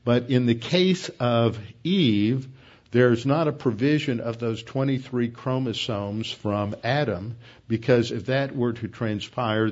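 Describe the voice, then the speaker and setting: A man giving an expository Bible teaching, explaining verse by verse in a methodical way with frequent pauses. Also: lowish voice, a little mellow, dull audio. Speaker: preacher.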